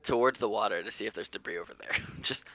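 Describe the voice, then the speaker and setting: A man's voice: fairly low pitch, quick pace, creaky, pushed and bright, poor audio. A man in a goofy, laughing mood describing his moves in casual tabletop game chat. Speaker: player.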